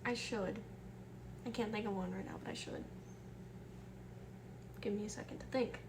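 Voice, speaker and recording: A young woman from the American Midwest, streaming live and chatting softly with her viewers, greeting them by name and reading their messages aloud. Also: medium pitch, animated, normal speed, pauses often, background noise. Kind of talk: casual chat with chat readers.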